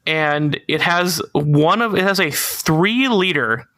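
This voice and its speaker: A man's voice: a little high, lively intonation, slow, pushed and bright, no echo. A young man co-hosting a casual car podcast, laughing often and explaining technical details in a laid-back way. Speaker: podcast co-host.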